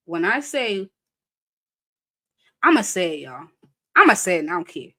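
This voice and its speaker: A woman's voice: fairly low pitch, very animated, takes it slowly, pauses often, sharp tone. A young adult woman hosting a casual live-stream chat, talking animatedly, laughing often and reading viewer comments aloud. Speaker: live show host.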